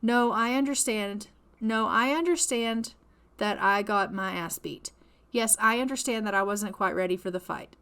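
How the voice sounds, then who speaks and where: A woman voicing a frightened young female vampire huntress in a narrated life-sim story, talking in quick exclamations that turn frantic when she is scared. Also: medium pitch, fairly bright tone, clean tone, natural voice. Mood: apologetic.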